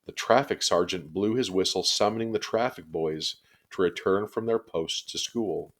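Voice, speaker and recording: A man with a very deep, low voice reads a children's chapter book aloud. His storytelling is steady and expressive, paced for young listeners. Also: moderate pace.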